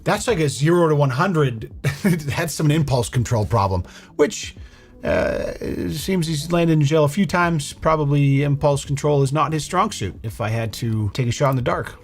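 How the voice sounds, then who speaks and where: A man's voice: fairly high pitch, expressive, moderate pace, husky. A young man giving amused, wry commentary on a video clip, laughing now and then. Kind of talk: casual reaction commentary.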